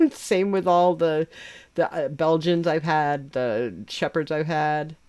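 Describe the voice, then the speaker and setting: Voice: medium pitch, a little slow, darkish tone. A livestream host who chats casually and bluntly, swearing freely and laughing often.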